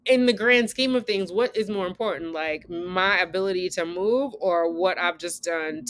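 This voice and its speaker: A woman in her forties telling a candid story to her viewers in a casual chat, animated, switching between loud outbursts and hushed asides. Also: on the low side, normal speed, few pauses. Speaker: vlogger and new mother.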